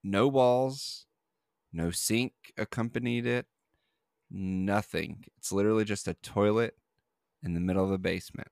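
Male podcast host, low voice, dry close sound, loose rambling delivery with fillers. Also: unhurried, creaky, darkish tone, no echo. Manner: rambling, with many fillers and restarts. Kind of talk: casual podcast chat.

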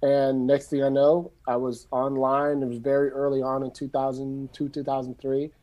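A middle-aged man from San Francisco, a screenwriter telling his story in a loose, animated, casual way and swearing freely. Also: medium pitch, normal speed, muffled recording. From San Francisco, USA. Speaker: screenwriter guest.

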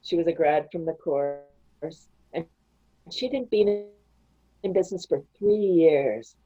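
A woman guest on a podcast, chatting casually and telling animated stories, often breaking into laughter. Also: sits low, takes it slowly, husky, lo-fi sound, soft background music. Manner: animated storytelling with frequent laughs. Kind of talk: casual interview chat.

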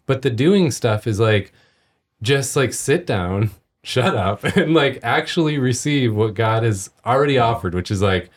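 A man's voice: mid-range voice, lively intonation, unhurried. A man in his thirties, a podcast co-host, telling a personal story in a casual faith discussion, laughing often.

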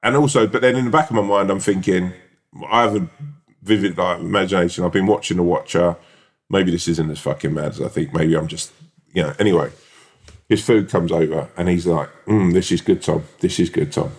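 A young man telling an anecdote in casual podcast chat, animated and sweary, acting out the people he quotes. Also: low-pitched, a little fast. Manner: animated storyteller, swears, acts out quoted voices. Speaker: podcast co-host.

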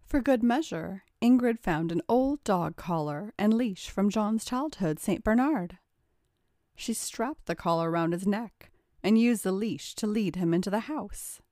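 A woman's voice: medium pitch, expressive, unhurried, dark tone, dry recording. Woman reading a story, dry close sound. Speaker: narrator.

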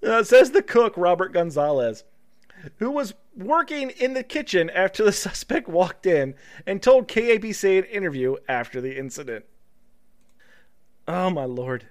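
A man's voice: sits high, sing-song, normal speed. A man co-hosting a casual comedy podcast, reading news stories aloud and breaking off to joke and laugh. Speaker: podcast co-host.

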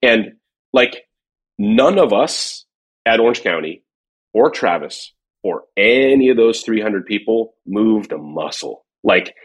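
A man talks casually, spinning long stories with restarts and fillers. His voice sits a little low and has a husky, breathy edge. He sounds relaxed and conversational. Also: takes it slowly. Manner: rambling storyteller, many fillers and restarts. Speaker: former drum company worker telling stories. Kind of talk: casual podcast chat.

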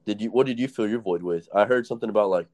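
A man's voice: on the low side, racing, a little mellow. A young man hosting a casual chat, telling stories in a rambling, profane way and laughing often. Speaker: podcast host.

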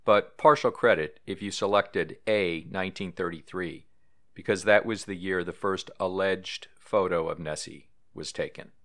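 A man's voice: sits low, normal speed, fairly bright tone. A man hosting a paranormal podcast, reading history and trivia aloud in a casual way with small asides. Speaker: podcast host.

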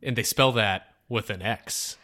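Bright, joking man co-host. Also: lowish voice, measured pace. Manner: joking, self-deprecating. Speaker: podcast co-host and sound guy. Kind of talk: casual chat.

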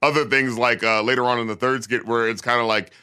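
A man's voice: mid-range voice, steady tone, fast talker, bright, forceful tone, smooth. A man chatting casually about a film, rambling and swearing, often slipping into quoted lines. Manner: rambling, profane, acts out quotes.

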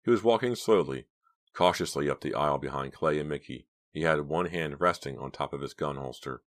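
A man narrating an audiobook in a quiet, steady reading voice. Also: very deep voice, a little fast. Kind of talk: scripted narration.

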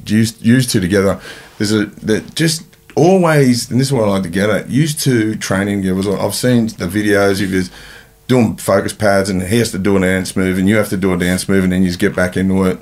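An Australian man hosts a podcast in a very deep, gravelly voice. He talks quickly and rambles eagerly. His lines pile up with restarts. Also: a little mellow. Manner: eager, rambling, frequent yeahs. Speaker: podcast host. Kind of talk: casual podcast chat.

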